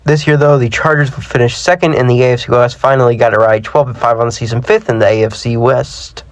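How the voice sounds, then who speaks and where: Talking fast in a mid-range voice with fairly even intonation, a young man casually commentates a football simulation game for his gaming channel. He's slightly sick, chatty and self-deprecating, and trips over his words often. The recording has no echo.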